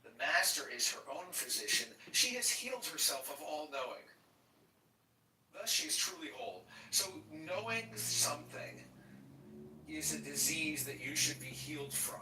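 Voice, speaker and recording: A man's voice: on the high side, lively intonation, normal speed, bright, forceful tone. A man in casual chat, reading a passage aloud and adding wry, blunt commentary. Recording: echoey room, distant mic, audible noise.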